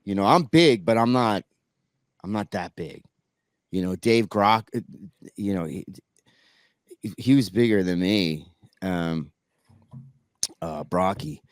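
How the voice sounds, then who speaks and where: A man's voice: deep voice, lively intonation, slow, long pauses, no echo. Rambling male storyteller, dry sound. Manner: rambling, many restarts and fillers. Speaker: guest musician. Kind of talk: casual storytelling.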